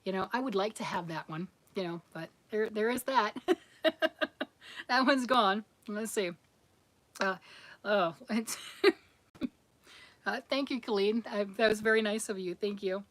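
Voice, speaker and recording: A woman's voice: mid-range voice, takes it slowly, pauses often, a bit bright. A woman chats through her live knitting stream and reads comments from viewers. Her talk is loose and rambling, full of restarts. She often pokes fun at herself. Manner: chatty, rambling, self-deprecating, often restarts and laughs. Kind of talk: casual livestream chat, reading viewer comments.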